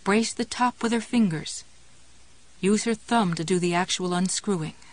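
A woman's voice: mid-range voice, moderate pace, no echo, rough recording. Woman reading a novel, dry close mic. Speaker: audiobook narrator. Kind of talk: scripted narration.

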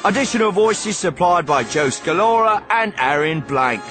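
High-voiced man announcing credits over music. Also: animated, normal speed. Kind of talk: scripted closing credits. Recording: voice over loud music bed.

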